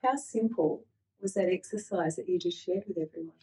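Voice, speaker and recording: A woman's voice: fairly low pitch, brisk, dark tone, distant mic, low-quality recording. A woman co-hosting a spiritual podcast, explaining things step by step for listeners. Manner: explanatory, adds points for listeners. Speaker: podcast co-host.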